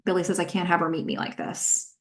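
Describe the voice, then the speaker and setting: A woman's voice: on the low side, flat delivery, fast, a bit bright. A woman hosting a rewatch podcast, recounting scenes in a conversational way with frequent filler words. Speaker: podcast host. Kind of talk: recap podcast commentary.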